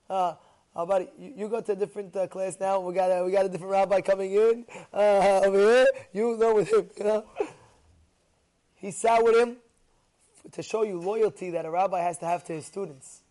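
Fast, high-voiced man giving a lively Torah class. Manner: acts out quoted people, repeats phrases for emphasis; mixes Hebrew and Yiddish words into English. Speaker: rabbi teaching a Torah class. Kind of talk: animated Torah lecture.

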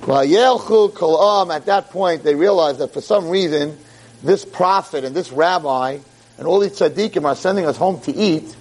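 A man giving an animated holiday sermon as a rabbi, mixing Hebrew verses with English and acting out the quotes dramatically. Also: normal speed. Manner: dramatic, acts out quotes with big pitch jumps. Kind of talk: animated sermon to a live audience.

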